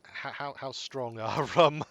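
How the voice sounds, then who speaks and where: A man streaming a computer role-playing game, chatting casually and halting often as he thinks. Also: mid-range voice, a bit bright, a little hiss or hum. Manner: halting, many restarts and fillers. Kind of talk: casual gameplay chat. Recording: game music behind.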